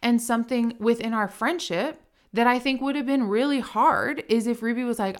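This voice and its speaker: A woman with a somewhat high voice co-hosts a casual podcast recorded in a home kitchen. She is chatty and enthusiastic and fills her sentences with "like"s while thinking out loud. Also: normal speed. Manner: enthusiastic, warm-hearted, chatty with many "like"s. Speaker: podcast co-host. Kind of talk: casual conversational podcast chat.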